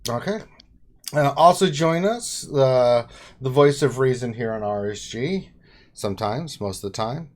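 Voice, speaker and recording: A man's voice: medium pitch, animated, a little slow. A man hosting a casual gaming live stream, joking as he introduces the panel. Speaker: host. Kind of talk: casual livestream chat.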